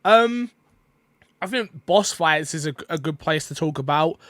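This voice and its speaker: Rambling, excitable man on a podcast. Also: a little high, unhurried, dry recording. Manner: rambling, excitable, many fillers. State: eating while talking. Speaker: podcast co-host. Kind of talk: casual podcast chat.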